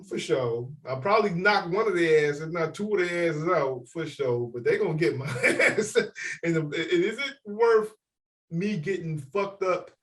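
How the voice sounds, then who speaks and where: Animated man telling a profane story. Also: fairly high pitch, far from the mic, poor audio. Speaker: podcast co-host. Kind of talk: casual storytelling.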